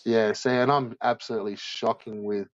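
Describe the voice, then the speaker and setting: A man chatting casually, slangy and sweary, full of drawn-out fillers. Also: lowish voice, fairly even intonation. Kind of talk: casual chat. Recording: dull dry sound.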